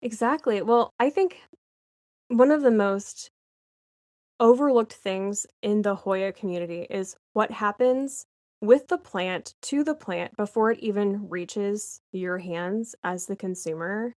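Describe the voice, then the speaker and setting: A woman's voice: mid-range voice, measured pace, a little mellow, no echo. Woman podcast co-host, chatty and rambling, giggles often, dry close sound. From Nebraska, United States. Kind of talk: casual chat.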